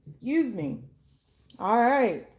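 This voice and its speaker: Hoarse lady doing a casual tarot reading, kinda high, mellow tone, swears a bit. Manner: chatty, blunt, swears casually. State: hoarse, losing her voice. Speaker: tarot reader and life coach.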